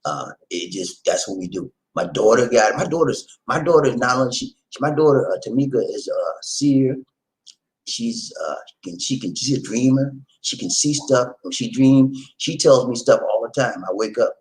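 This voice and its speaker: Man, middle-aged, vlog host, casual storytelling, expressive and up-and-down delivery, talks right to the viewers. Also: mid-range voice, moderate pace, rough recording. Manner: animated, folksy, addresses viewers directly. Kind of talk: casual storytelling chat to camera. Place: home in the Philippines.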